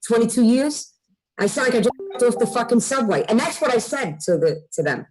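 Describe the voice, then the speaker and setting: A middle-aged woman with a thick Long Island New York accent, chatting as a guest, brash and fast-talking, swearing freely. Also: a little high, sing-song, darkish tone, slight background noise, rough recording. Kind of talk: casual chat.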